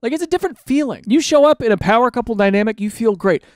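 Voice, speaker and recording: A man's voice: very high voice, fast talker, no echo. Comedy guy ranting about online posts, super bouncy voice, dry close sound. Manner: animated, ranting, mock-exasperated; drops into silly quoted voices. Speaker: comedy commentator. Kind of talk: reacting to online posts, comic commentary.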